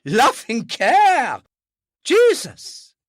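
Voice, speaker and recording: Audiobook figure: narrator playing a stout, irritable old man, loud and spluttering, pushed up in pitch. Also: wildly swooping pitch, slow pace, dry recording, clean studio sound, full character voice. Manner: blustering, choking with rage. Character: heavy, blustering, hot-tempered old father.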